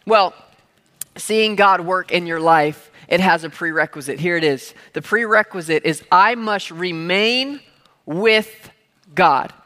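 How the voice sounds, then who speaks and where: This high-voiced man preaches slowly, his tone bright and forceful, as a pastor in a church hall where the sound rings with a large room's long reverb. His sermon is conversational, full of playful asides and everyday examples, and he gets the congregation to echo key words back.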